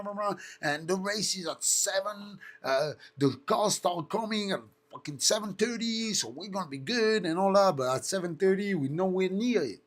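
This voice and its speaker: A man with a French accent chats loosely on a live stream, his voice sitting a touch high for a man. He swears freely and breaks into mimicked engine and turbo sounds as he tells his stories. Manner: animated storyteller, swears often, imitates engine noises. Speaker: host. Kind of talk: casual live-stream chat.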